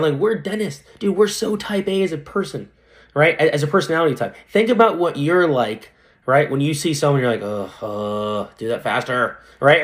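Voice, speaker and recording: Excited young man talking fast. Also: fairly high pitch. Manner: animated, fast and slangy, lots of "dude" and "right?". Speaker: dentist, guest. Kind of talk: casual podcast conversation.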